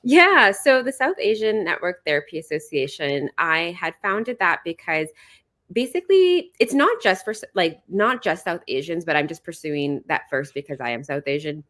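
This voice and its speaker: A young adult woman, a psychologist, chatting as a podcast guest in a quick, casual way with many filler words. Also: sits low, lively intonation, fairly bright tone. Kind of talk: casual interview chat.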